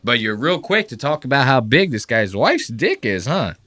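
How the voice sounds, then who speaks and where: A male podcast host riffing in casual commentary, cursing freely and mocking the people he talks about. His voice comes across bright and forceful. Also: medium pitch, moderate pace. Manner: profane, animated, mocking impressions. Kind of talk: casual commentary reacting to clips.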